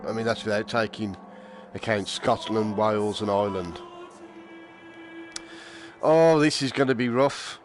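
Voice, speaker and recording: Over game music, a man provides gameplay commentary while playing a VR shooter on a headset mic, muttering and swearing at enemies. His voice is on the low side and a little slow, with long pauses.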